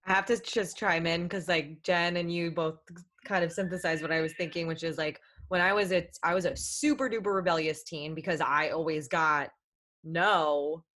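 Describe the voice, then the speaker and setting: A mother talking as a podcast guest, animated and full of fillers, questioning her own habits. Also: lowish voice, moderate pace. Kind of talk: casual podcast chat.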